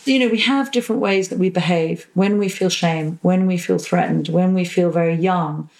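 Lively woman therapist, lowish voice. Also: moderate pace, poor audio. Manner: animated, acts out quoted voices, swears casually. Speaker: psychosexual and relationship therapist, podcast guest. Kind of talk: conversational podcast interview.

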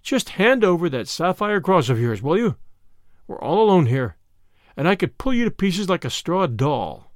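A man doing a daring master thief for an audiobook, swinging from a hushed, solemn priestly hush to loud, jeering triumph. The voice leaps up and down in pitch and stays close and dry. He sneers at his victim with open relish. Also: big pitch swings, moderate pace, no room sound. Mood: quietly menacing. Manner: mocking and triumphant. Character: bold male master thief posing as priest. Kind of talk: audiobook reading of a classic story.

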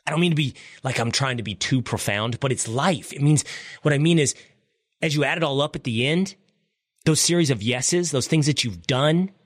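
A middle-aged man hosting a talk show, telling a story in an animated, joking way. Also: medium pitch, no echo, clean studio sound. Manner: animated, jokey storytelling with impressions. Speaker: podcast host. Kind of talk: storytelling monologue.

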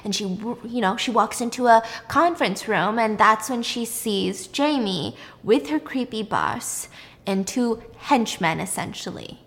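A woman casually retelling a drama plot in an animated way, acting out the characters. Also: fairly high pitch, a little slow. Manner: animated, acts out characters' lines. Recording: echoey room reverb.

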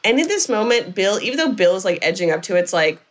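A woman's voice: medium pitch, big pitch swings, fast. A woman co-hosting a podcast, retelling a film plot in casual chat and filling her talk with "like". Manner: chatty storyteller, lots of "like". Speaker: podcast co-host. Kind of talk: casual movie recap.

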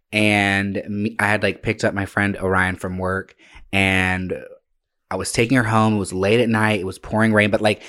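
A man's voice: fairly low pitch, a bit bright. A man co-hosting a podcast, telling stories in a rambling, hesitant way with restarts and swearing. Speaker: podcast co-host. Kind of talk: casual storytelling chat.

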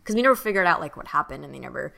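A young adult woman co-hosting a podcast, telling a personal story in a casual, animated way with many fillers. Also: sits low, racing, gravelly, crowd noise. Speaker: podcast co-host.

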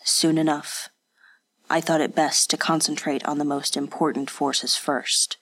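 A cold, terse male spy, played by a woman narrator, speaks in a voice pitched clearly below her own. His delivery stays flat and emotionless, with short, clipped answers that give nothing away. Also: measured pace, poor audio.

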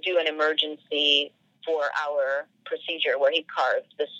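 A woman's voice: sits low, fairly even intonation, unhurried, sharp tone, no room sound, lo-fi sound. A woman guest on a podcast telling a personal story casually, full of "like" fillers and acted-out quoted dialogue.

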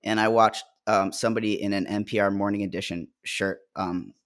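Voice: deep voice, fairly even intonation, fairly quick. An American podcast co-host and musician telling rambling, wry stories in casual chat.

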